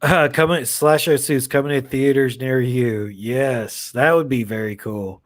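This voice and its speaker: A man hosting a horror movie livestream, chatting casually with viewers in a rambling, excitable way and swearing now and then. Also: mid-range voice, unhurried. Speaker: horror channel livestream host.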